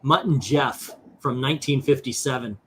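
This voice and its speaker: A man's voice: mid-range voice, normal speed, a little hiss or hum. A man hosting a comic book channel, chatting casually as he reads off a long list of comic titles and issue numbers. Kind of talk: casual chat while unboxing auction comics.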